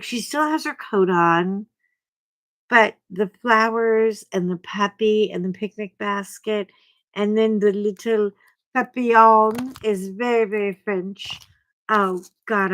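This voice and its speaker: Slow, rambling older woman chatting. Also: medium pitch, a bit bright, no room sound, poor audio. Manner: chatty, rambling and self-deprecating. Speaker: craft channel host. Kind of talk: casual chat to camera. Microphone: clip-on mic that keeps bumping.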